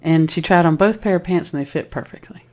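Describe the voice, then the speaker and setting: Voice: medium pitch, fast. Chatty spiritual speaker telling a story, restarts a lot, does little voices. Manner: animated, acts out voices in the story; rambling, with frequent restarts. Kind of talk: casual personal storytelling.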